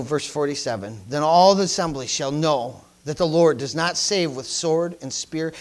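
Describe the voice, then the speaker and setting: A man preaching a sermon in a strikingly high voice. He swings between fervent shouting and quieter teaching, with hallelujahs and praise calls breaking into his lines. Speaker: pastor.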